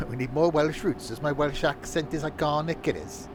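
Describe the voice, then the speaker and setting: A man's voice: a little high, moderate pace, background noise. A man streaming a train simulator game, chatting casually and joking as he reads his viewers' messages. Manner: joking banter, reading viewers' chat. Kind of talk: casual gameplay commentary.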